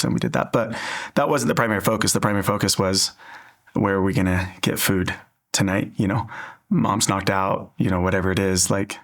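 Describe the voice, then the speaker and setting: A man's voice: fairly low pitch, vocal fry, a bit bright. A man from Southern California, an interview guest, giving an earnest, reflective personal faith testimony.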